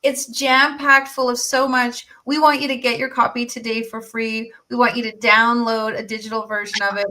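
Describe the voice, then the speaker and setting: A woman's voice: on the high side, flat delivery, moderate pace, few pauses, sharp tone, slight background noise, poor audio. A woman hosting an interview, talking in a gushing, effusive and upbeat way. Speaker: host. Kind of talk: enthusiastic promotional interview talk.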